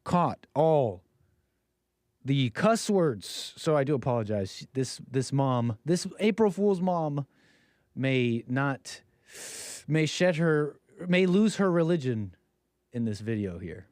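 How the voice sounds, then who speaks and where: A man's voice: medium pitch, very animated, slow pace, darkish tone, no echo, studio quality. A man streaming reaction commentary, joking and mimicking the voices in the clip. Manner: jokey, mocking, mimics voices.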